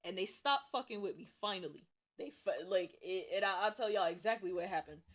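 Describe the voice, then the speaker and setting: A young woman from Cincinnati, streaming while she draws, tells school stories in a casual, profane, animated way with bursts of laughter. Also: mid-range voice, fairly quick. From Cincinnati, USA. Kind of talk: casual storytelling while drawing.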